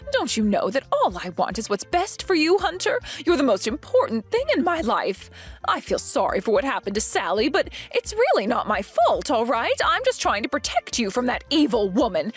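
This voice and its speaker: A woman voicing a shrill, possessive mother-in-law. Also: breathy edge. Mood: pleading. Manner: shrill, scolding, self-righteous. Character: domineering older mother-in-law, accusing and possessive. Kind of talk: animated story voice acting.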